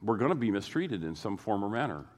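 A man's voice: on the low side, big pitch swings, quick pace. A man preaching a sermon to his congregation, repeating phrases and building emphasis as he goes. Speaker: pastor.

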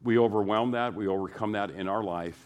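A man's voice: on the low side, fairly quick, a little mellow, clear, resonant tone. A man preaching a sermon to his congregation, repeating phrases and building emphasis as he goes. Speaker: pastor.

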